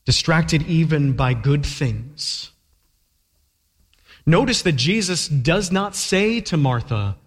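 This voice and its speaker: A man's voice: fairly high pitch, expressive, slow, husky. Emphatic male preacher in a reverberant hall. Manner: emphatic, uses rhetorical questions. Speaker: pastor. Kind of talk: sermon. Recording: long reverb of a large hall.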